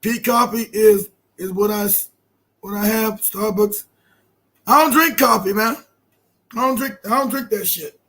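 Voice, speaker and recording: A man hosting a casual podcast chat, joking loudly and slipping into shouted scolding voices. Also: high-pitched, unhurried. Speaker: host.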